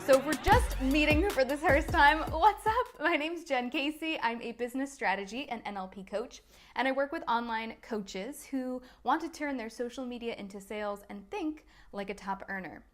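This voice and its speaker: A woman's voice: high-pitched, normal speed, faint music behind. A woman, a coach talking casually on a live video, chatty and laughing at herself. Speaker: business strategy and NLP coach, host.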